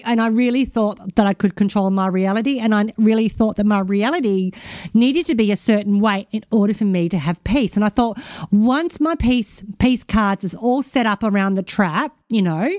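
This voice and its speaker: A woman's voice: medium pitch, normal speed, darkish tone, dry recording. A middle-aged woman talks straight to her listeners in a casual motivational monologue. She swears freely and hammers her points by repeating them. Her voice sits mid-range and sounds dry and close. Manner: frank, swears freely, repeats herself for emphasis. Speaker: podcast host.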